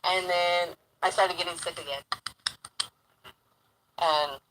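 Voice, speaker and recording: A woman's voice: lowish voice, fairly even intonation, slow pace, background noise. A young woman telling a rambling personal story in casual talk, swearing heavily and getting heated.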